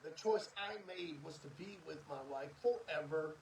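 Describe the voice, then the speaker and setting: A man's voice: on the high side, normal speed, vocal fry, darkish tone, distant mic, a little hiss or hum, poor audio. A middle-aged man hosting a podcast, giving an earnest, preachy motivational monologue with lots of emphatic repetition. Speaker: podcast host.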